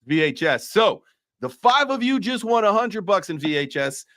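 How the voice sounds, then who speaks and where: A man's voice: high voice, big pitch swings, normal speed, a bit bright, dry recording. A man hosting a casual crypto livestream, joking loosely and swearing freely. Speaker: host.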